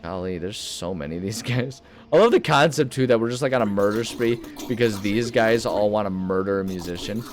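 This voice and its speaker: Speaking on the low side, a little fast and barely pausing, a young gaming video host talks over his game. His commentary is rambling and jokey, full of self-mockery and remarks to himself.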